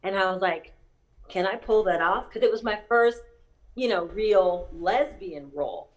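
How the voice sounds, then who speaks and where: A woman's voice: medium pitch, a little slow, dull audio. Chatty woman telling an anecdote. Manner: animated, acts out quoted voices. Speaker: actress. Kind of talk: casual storytelling chat.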